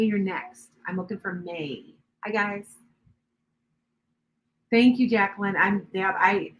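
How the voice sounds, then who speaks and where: A woman's voice: medium pitch, bright, forceful tone, a little hiss or hum, rough recording. An older woman hosting a live stream as a psychic reader, chatting casually and rambling, with many restarts and asides to her viewers.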